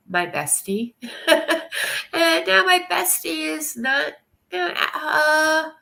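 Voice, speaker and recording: A woman's voice: medium pitch, sharp tone. Tearful woman rambling on a livestream. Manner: tearful, rambling, laughing through tears. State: crying. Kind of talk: casual livestream chat.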